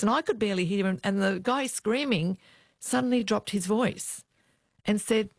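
Speaking at a moderate pace in a creaky, medium-pitched voice, a middle-aged Australian woman recounts anecdotes from her time as a police officer during an interview. She's animated and acts out the voices of the people involved, with no room sound in the recording.

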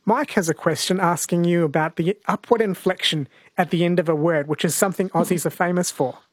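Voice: medium pitch, brisk, no room sound. A radio host chatting with a guest and taking listener calls in a conversational way. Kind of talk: radio interview.

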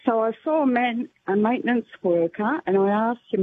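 A woman calling in to a radio show, telling a funny anecdote in an animated, laughing way. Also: on the high side, brisk, slight background noise. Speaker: radio caller. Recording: tinny phone line.

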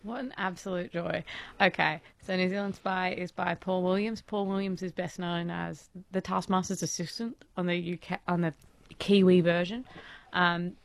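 A low, gravelly-voiced woman talking casually about television as a co-host. She rattles through asides in a chatty way, and the recording is dry and close. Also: steady tone, normal speed, no room sound. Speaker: podcast co-host.

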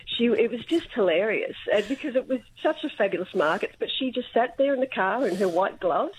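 A woman's voice: on the high side, lively intonation, a little fast, slight background noise, rough recording. An Australian woman in her fifties phoning a radio show, telling a story in a chatty, amused way. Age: 50s. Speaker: radio caller. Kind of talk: phone-in reminiscing.

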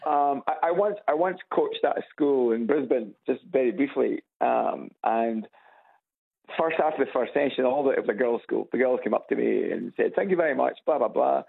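A Scottish man on a phone call to a radio program, telling anecdotes with plenty of stops and restarts. His voice has a gravelly, husky edge. The call comes through a narrow, phone-like line. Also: medium pitch, normal speed. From Scotland. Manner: chatty, tells anecdotes with hesitant restarts. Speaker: caller. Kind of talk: casual radio call-in chat.

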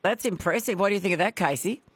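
A man with an Australian accent hosting a talkback radio show, chatty and quick to laugh. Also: high voice, a bit bright, breathy edge, no room sound. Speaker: radio host.

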